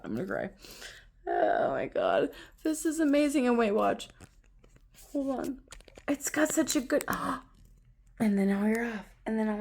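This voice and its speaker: Excitable woman chatting in a casual vlog. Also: a little high, creaky. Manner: excitable, gushing, laughs often. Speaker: vlogger. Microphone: phone camera on tripod.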